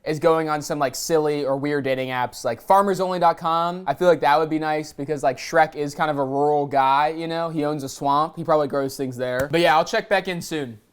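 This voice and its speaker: A young man doing a casual comedy vlog, excitable and joking, talking to himself and the viewers. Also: on the high side, a little fast, hardly any pauses, smooth. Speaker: comedy creator.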